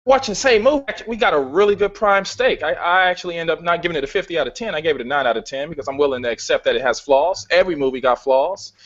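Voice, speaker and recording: A man on the high side argues his case about a film, cursing freely and pushing his points hard. The sound is muffled and lo-fi, like a video call. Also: a bit bright. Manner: swears a lot, casual and emphatic. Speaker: film reviewer. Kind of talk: casual debate.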